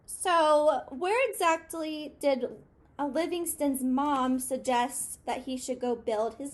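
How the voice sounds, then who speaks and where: A woman's voice: high voice, slow pace. A woman reading a children's storybook aloud expressively, stopping to ask her young listeners questions.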